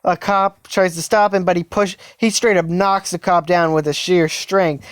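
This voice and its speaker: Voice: mid-range voice, fairly even intonation, normal speed, few pauses, clear, resonant tone, dry recording, clean studio sound. A fan storyteller narrating a story casually, rambling and hesitant with many fillers and restarts.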